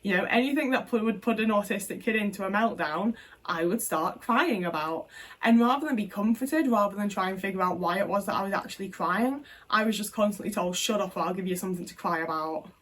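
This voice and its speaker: A woman's voice: medium pitch, brisk, fairly bright tone, recorded from a distance. A young woman vlogger telling personal stories frankly to camera, in a casual, conversational way with fillers and the odd swear word. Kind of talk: candid personal storytelling to camera.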